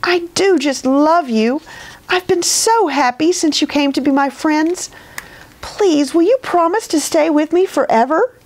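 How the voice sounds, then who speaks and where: A woman voicing a lonely, tearful little girl doll in a storybook, with a high, pleading, childlike voice. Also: big pitch swings, a little slow, breathy edge, full character voice. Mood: sweet.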